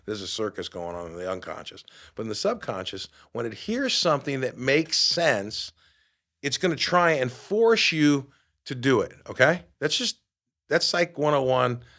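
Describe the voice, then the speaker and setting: New guy on his podcast, telling a story, acts out what people said, mid-pitched voice. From New York. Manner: animated, acts out quoted dialogue. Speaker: podcast host. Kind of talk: storytelling monologue.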